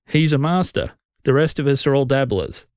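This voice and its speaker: A man's voice: mid-range voice, moderate pace, darkish tone, no room sound, studio quality. An Australian man hosting a solo podcast, giving blunt, conversational advice in an opinionated way. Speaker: podcast host.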